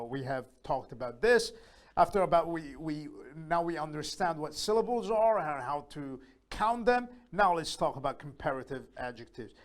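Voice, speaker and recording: A man teaching a beginner English lesson, patiently explaining step by step and slowly repeating each word aloud so learners can copy it. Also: a little high. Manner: slow, repeats words aloud to model pronunciation.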